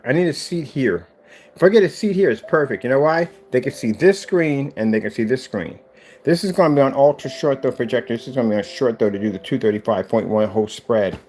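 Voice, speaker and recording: Excited man, casual vlogger, veers into fervent preaching, mid-pitched voice. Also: slight background noise. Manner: fast, excited, with religious exhortation. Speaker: vlogger showing his studio build.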